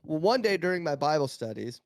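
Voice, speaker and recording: A man's voice: a little high, fairly quick, dry recording, clean studio sound. A man telling stories as a guest on a casual podcast, with many restarts. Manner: storytelling, animated, many restarts.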